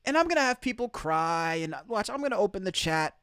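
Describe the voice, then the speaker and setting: A man's voice: high voice, big pitch swings, a little fast, fairly bright tone, clean tone, no echo, studio quality. A man hosting opinionated live commentary from outside the United States, emphatic and repeating his key phrases. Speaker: commentary streamer.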